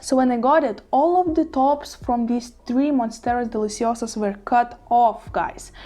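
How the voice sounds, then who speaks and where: A woman's slightly high, dark voice moves at normal speed in a casual show-and-tell vlog at home about her plants. Gushing and giggling often, she makes apologetic asides and small slips in English, which is her second language.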